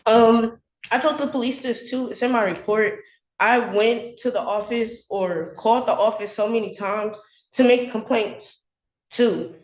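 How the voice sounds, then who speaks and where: A woman's voice: a little high, measured pace, darkish tone. A young woman speaking as a tenant in court, hesitant and defensive, with many fillers. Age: young adult. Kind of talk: courtroom testimony. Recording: echoey courtroom recording, dull sound.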